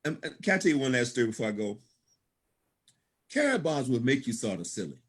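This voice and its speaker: With big pitch swings in a mid-range, husky voice, a man speaks fast as the guest speaker at a business opportunity event. His motivational storytelling is full of laughter and folksy, preacher-like calls of praise.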